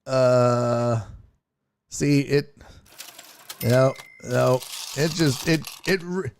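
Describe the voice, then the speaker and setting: A man's voice: mid-range voice, drawn-out words, gravelly, slight background noise. A man hosting a casual livestream, reading viewer comments in a loose, profane way and laughing often. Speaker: sports talk show host.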